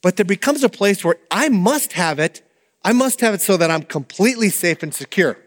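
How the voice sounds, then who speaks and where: Animated high-voiced man preaching. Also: a little fast, big-room sound. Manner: animated, conversational preaching with asides. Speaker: pastor. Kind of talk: sermon.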